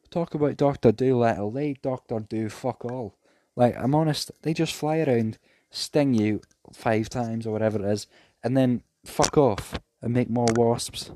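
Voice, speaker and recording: A young man hosts a solo podcast from his bedroom, ranting in a casual, cheeky, rambling way with plenty of swearing. His voice is medium-pitched, mellow and unhurried, with no room sound.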